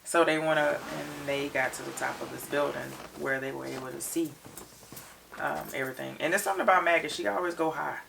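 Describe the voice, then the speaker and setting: A woman co-hosting a reaction show, recapping an episode in an animated, detailed storytelling way. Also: sits low, fairly quick, vocal fry, far from the mic, background noise. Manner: expressive storyteller, retells scenes in detail.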